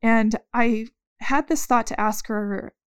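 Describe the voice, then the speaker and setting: A woman telling her story in an interview, rambling and halting, breaking off mid-sentence and restarting. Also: on the high side, clear, resonant tone. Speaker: interviewee recounting events. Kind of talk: casual spoken recollection.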